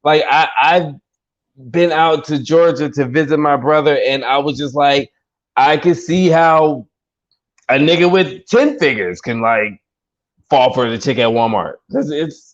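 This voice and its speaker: A man's voice: fairly high pitch, measured pace. A man hosting a casual podcast chat, joking around and often stammering and repeating words. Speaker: podcast host. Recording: dull lo-fi sound.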